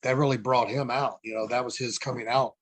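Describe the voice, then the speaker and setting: A man's voice: medium pitch, fairly even intonation, brisk, breathy edge, dry recording. A middle-aged man, a former wrestler, telling rambling stories as a podcast guest, with frequent fillers and some cursing. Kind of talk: casual storytelling interview.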